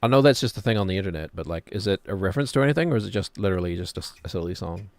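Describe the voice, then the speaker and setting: A man with a low voice streams a game, chattering very fast and with animation as he plays. He rambles and jokes, drifting now and then into put-on British voices.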